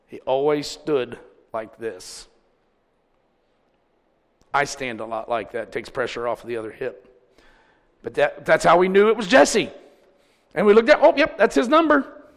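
A middle-aged man preaching a sermon as pastor, swinging between loud, drawn-out peaks and quiet asides. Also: mid-range voice, animated, long reverb tail.

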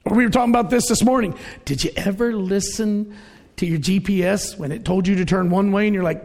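High-voiced, gravelly preacher in a hall. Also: male voice, a little fast, darkish tone. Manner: conversational, storytelling, acts out quoted voices. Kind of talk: sermon. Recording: reverberant hall.

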